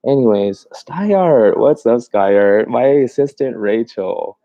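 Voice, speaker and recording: A man's voice: mid-range voice, lively intonation, slow, dark tone, no echo, muffled recording. A man, a mobile dog groomer, chatting casually on a livestream, reading out viewer comments, laughing often and talking in loose rambling bursts. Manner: rambling, laughs often, many fillers and restarts.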